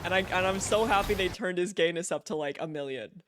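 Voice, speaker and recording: A man's voice: sits high, a little fast, fairly bright tone, no room sound, studio quality. A man live-streaming a video game, chatting casually in a gushing, giggly way and repeating himself.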